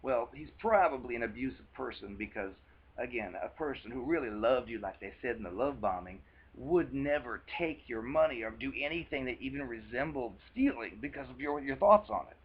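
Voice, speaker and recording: A man's voice: medium pitch, animated, normal speed, slightly rough, dull audio. A man with a country twang giving a rambling, earnest advice talk for a video. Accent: American country twang. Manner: rambling, earnest, with many restarts. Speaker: vlogger. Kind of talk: casual advice monologue.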